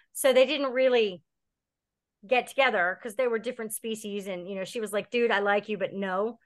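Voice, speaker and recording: A woman's voice: fairly high pitch, fairly bright tone. A woman chatting as a podcast guest, telling long stories in a chatty way. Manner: chatty storyteller. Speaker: podcast guest, bird owner. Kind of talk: casual podcast chat.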